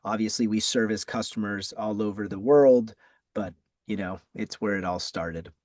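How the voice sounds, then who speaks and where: Low, mellow Boston-accented man. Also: no echo. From Massachusetts. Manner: measured, with frequent ums and restarts. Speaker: guest, ad agency founder. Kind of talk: conversational interview answers.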